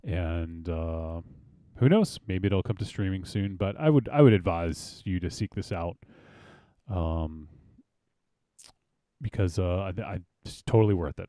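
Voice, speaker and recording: A man hosting a casual horror film discussion podcast, relaxed and rambling with many fillers. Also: low-pitched, measured pace, dry recording, clean studio sound. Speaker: podcast host.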